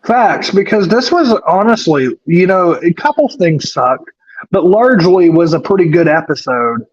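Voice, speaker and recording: A man with a high voice recaps a wrestling episode in loose casual chat. He rambles, swears freely and leans on fillers. The recording is dull and lo-fi. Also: animated, moderate pace. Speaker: wrestling podcast co-host.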